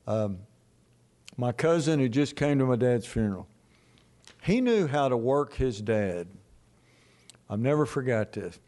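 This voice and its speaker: Older male pastor, sermon, folksy storytelling, lively pitch, slow delivery. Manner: animated storytelling preacher, folksy.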